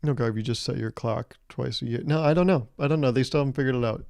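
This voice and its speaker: A young man in his twenties rants through a solo podcast, sarcastic and rambling, swearing often and jumping into little acted-out scenes. His voice is gravelly and mellow. It is recorded close up on a dry mic. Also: mid-range voice, fast, no room sound. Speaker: podcast host. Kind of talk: solo comedic podcast rant.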